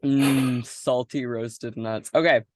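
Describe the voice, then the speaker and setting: A man's voice: medium pitch, steady tone, takes it slowly, a little mellow, no room sound. A young man hosting a casual podcast chat, giggly and rambling with lots of fillers. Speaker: podcast host.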